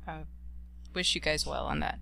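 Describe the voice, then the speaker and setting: A woman hosting a casual podcast, relaxed, reading listener mail aloud. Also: low-pitched, brisk, vocal fry, a crowd in the background. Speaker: podcast host.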